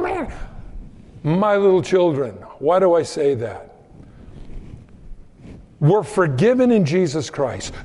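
A man preaching a sermon in a relaxed, conversational way, telling homespun stories about kids and doing quick voices for the people in them. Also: sits high, in a large hall. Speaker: pastor.

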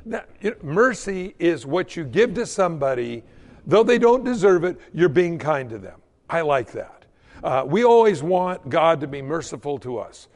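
A man's voice: on the high side, big pitch swings, moderate pace, a little mellow. A man preaching a sermon in a church, telling folksy stories and acting out the quotes. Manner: folksy storytelling with acted-out quotes. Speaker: pastor. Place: church sanctuary. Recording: long hall reverb.

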